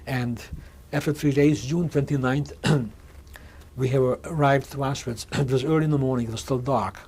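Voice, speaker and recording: Halting older man with a mellow voice. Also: mid-range voice, steady tone, husky. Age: 60s. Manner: halting, with frequent restarts and repeated words. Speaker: interviewee. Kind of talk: oral history testimony. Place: museum interview room.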